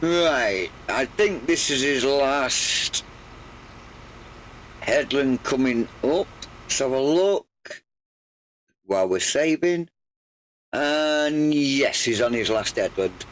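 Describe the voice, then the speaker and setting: An older man with a slightly croaky voice, chatting in a rambling, hesitant way while streaming a farming game. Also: medium pitch, lively intonation, fairly bright tone, slight background noise, poor audio. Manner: rambling, hesitant, full of pauses. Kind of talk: relaxed live gameplay chat.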